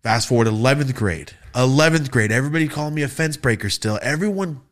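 A young man hosting a podcast, telling party stories in casual, profane, animated style. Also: medium pitch, fast. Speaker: podcast host. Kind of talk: casual storytelling.

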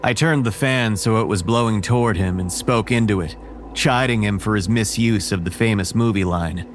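A man narrating a first-person horror story in a measured, wary tone. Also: on the low side, background noise.

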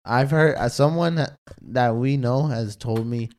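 A man's voice: mid-range voice, takes it slowly, a little mellow. A young man telling crude stories in casual chat with friends, laughing and slangy.

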